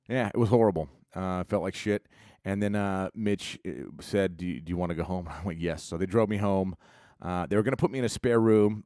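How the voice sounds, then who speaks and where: A man's voice: low voice, darkish tone, no room sound, clean studio sound. Laid-back, cussing man telling a story. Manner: profane, rambling, laid-back. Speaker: vlogger; musician. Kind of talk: casual storytelling.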